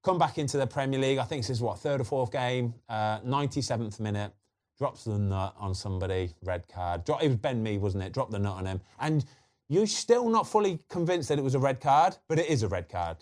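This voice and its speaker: A man with a slight lisp hosting a football podcast, chatting in a lively way full of quick asides. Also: medium pitch. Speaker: podcast host. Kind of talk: casual football chat.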